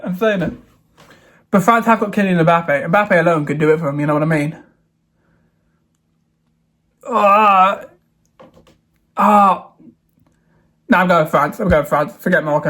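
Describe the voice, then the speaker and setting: A man's voice: high-pitched, measured pace, long pauses, a bit bright. A young man, chatting casually to camera as a football vlogger, thinking aloud, dithering and exclaiming as he goes. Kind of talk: casual solo predictions vlog.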